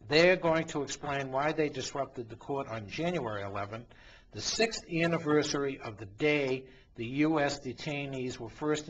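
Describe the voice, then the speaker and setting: Husky, indignant priest on a lo-fi recording. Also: male voice, on the high side, fairly bright tone. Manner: emphatic, indignant, full of rhetorical questions. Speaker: priest and talk show host. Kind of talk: impassioned commentary monologue. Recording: dull lo-fi recording.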